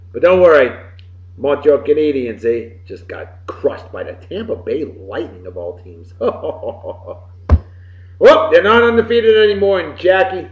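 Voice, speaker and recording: A man from Massachusetts, hosting a show and giving folksy, boisterous birthday shout-outs. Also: a little high. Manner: boisterous and folksy, swinging loud and soft. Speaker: podcast host. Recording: roomy, slightly dull lo-fi recording.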